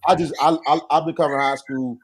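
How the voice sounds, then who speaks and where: A man who is a high school sports reporter co-hosting a podcast, talking in a stammering, good-humored and defensive way. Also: steady tone, fast talker, husky. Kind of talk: casual podcast chat.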